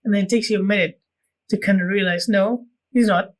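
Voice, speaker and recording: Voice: medium pitch, fairly even intonation, fairly quick, poor audio. A podcast co-host in casual chat, laid-back and enthusiastic, swearing casually.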